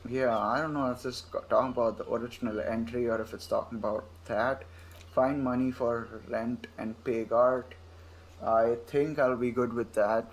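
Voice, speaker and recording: A man's voice: medium pitch, a little hiss or hum. A young man casually commenting as he plays a video game, thinking aloud in a laid-back, profane way. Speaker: gamer playing through a game. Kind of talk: casual let's-play commentary.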